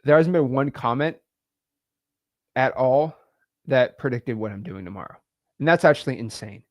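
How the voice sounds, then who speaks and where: A young man hosting a live stream, talking emotionally and haltingly, repeating words and sighing. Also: mid-range voice, dry recording, studio quality. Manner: halting, repeats words, sighs, swings between loud and quiet.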